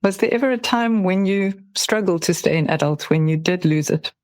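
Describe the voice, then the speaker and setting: A podcast host asking gentle, probing interview questions and reading a passage aloud. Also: mid-range voice, normal speed, no room sound.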